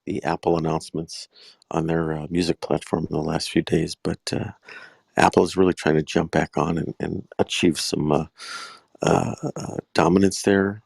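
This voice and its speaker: Very deep, gravelly-voiced man. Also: level tone, moderate pace, a little mellow, no echo. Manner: hesitant, many fillers. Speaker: guest commenting on the show. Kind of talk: casual chat.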